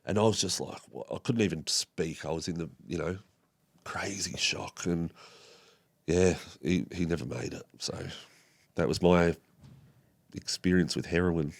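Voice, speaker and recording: A young Australian man from Tasmania, a podcast guest recounting a personal story in a halting way, with many fillers and restarts. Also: low-pitched, gravelly.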